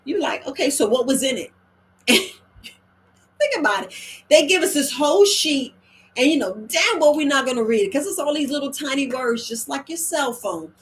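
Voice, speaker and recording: Animated woman herbalist, slangy monologue. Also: sits high, moderate pace, rough recording. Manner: animated, acts out quoted voices, slangy. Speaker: herbalist host. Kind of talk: casual monologue.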